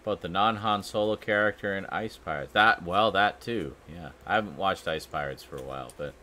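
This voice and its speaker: A man's voice: low-pitched, brisk, sharp tone. A man hosting a live stream, chatting casually with friends, laid-back and self-deprecating, often laughing. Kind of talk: casual group chat.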